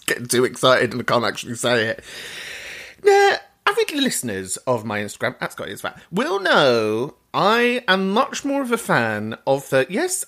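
A man hosting a podcast and responding to voicemails in an animated, joking way, with mock outrage and plenty of swearing. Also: a little high. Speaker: podcast host reading voicemails. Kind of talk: casual chat.

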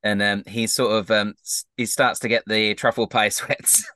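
A man's voice: fairly low pitch, flat delivery, moderate pace, sharp tone, dry recording, studio quality. A man narrating as a game master, chuckling often and hesitating with ums.

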